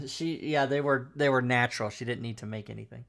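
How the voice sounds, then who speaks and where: A man's voice: mid-range voice, normal speed, creaky, fairly bright tone. A man hosting a talk show and telling crude, rambling stories with lots of laughing. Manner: crude storytelling, laughs often. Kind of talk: casual chat.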